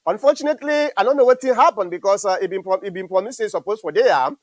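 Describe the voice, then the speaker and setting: A man hosting an online show, talking in a halting way full of fillers and restarts. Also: sits high, no echo, low-quality recording. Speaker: show host.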